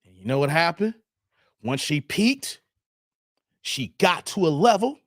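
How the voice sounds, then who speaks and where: A man's voice: on the high side, very animated, measured pace, fairly bright tone, no room sound, studio quality. A man hosting a livestream commentary, emphatic and rambling, who repeats himself and uses a lot of slang. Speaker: YouTube commentary host. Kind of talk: livestream commentary with donation shout-outs.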